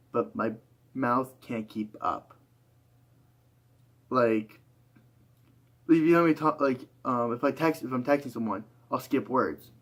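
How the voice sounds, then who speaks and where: Full of fillers and restarts, this reflective, rambling monologue comes from a young YouTuber who sounds tired. His voice is fairly bright and sits at a medium pitch.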